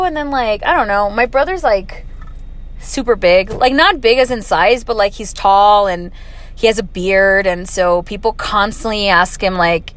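A woman's voice: mid-range voice, moderate pace. A woman in her twenties casually telling stories on her way home from work, talking with lots of "like" and "um". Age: 20s. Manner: chatty, filler-heavy, lots of "like" and "um". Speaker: audio vlogger. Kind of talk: casual rambling storytelling.

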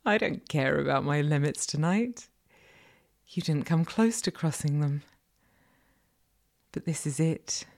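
A woman's voice: low voice, lively intonation, measured pace, gravelly, long pauses. A woman narrating a second-person erotic audio role-play in a teasing, commanding manner, sometimes dropping to a whisper.

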